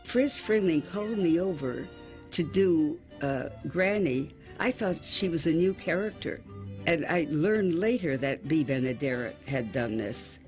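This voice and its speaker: A woman's voice: deep voice, animated, unhurried, darkish tone. An older woman, a voice actress, recalling her career in a documentary interview. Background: music.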